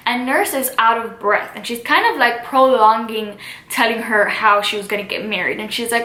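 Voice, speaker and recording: A young woman teacher talks through a play in a chatty, casual way, leaning on "kind of" and "like". Her voice sits high and sounds bright. The room around her gives an echoey ring. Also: moderate pace. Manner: chatty, with fillers such as "kind of" and "like". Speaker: literature teacher. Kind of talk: casual classroom explanation.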